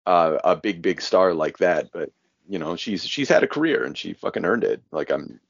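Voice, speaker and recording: Low gravelly man rambling wryly. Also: lively intonation, moderate pace, no room sound. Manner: rambling, hedging, wry. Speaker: podcast co-host. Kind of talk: casual chat. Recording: dull, dry lo-fi recording.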